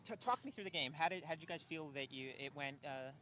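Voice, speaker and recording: Bright, fast-talking male sideline reporter. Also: a little high, a little hiss or hum. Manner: brisk, upbeat questioning. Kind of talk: post-match interview.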